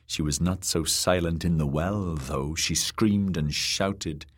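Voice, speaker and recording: A man narrating an audiobook in a measured, dramatic reading. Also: sits low.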